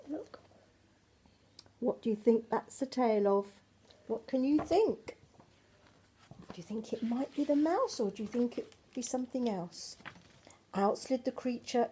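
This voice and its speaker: A woman's voice: on the high side, mellow, husky. An older woman reading a picture book to her grandchildren at home, affectionate and asking them questions about the pictures. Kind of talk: bedtime storybook read-aloud.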